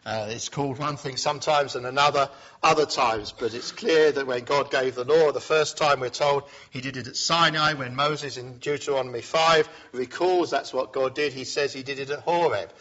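A man preaching a sermon in a reflective way, rising for emphasis and then dropping low and quiet. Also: steady tone, moderate pace. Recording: dull lo-fi sound.

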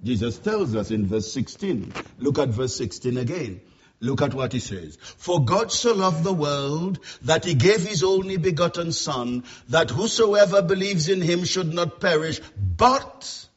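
A man preaching a sermon with a dramatic, repetitive cadence, dropping to hushed tones and building to shouted peaks. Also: dull audio. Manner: dramatic, swinging from hushed lows to shouted climaxes.

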